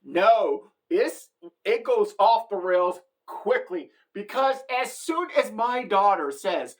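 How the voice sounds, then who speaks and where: A woman's voice: mid-range voice, animated, slow pace. Brash middle-aged woman vlogger. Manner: brash, sassy, chatty. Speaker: satirical vlogger. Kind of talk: comedic storytelling monologue.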